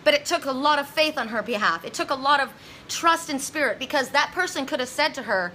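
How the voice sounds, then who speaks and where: A woman psychic medium speaks to her viewers in a high, bright, sharp voice. She rambles intensely, restarts her sentences often, and acts out the people in her stories. A faint hum sits underneath. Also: lively intonation, a little fast. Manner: dramatic retelling with voiced quotes. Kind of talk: emotional monologue to viewers.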